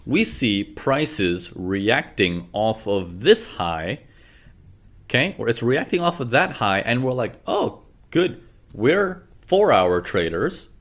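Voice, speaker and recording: Over a chart in a screen-share session, a man with a medium-pitched, somewhat bright voice gives a trading lesson. The instructor restates his questions and mimics what traders anxiously tell themselves.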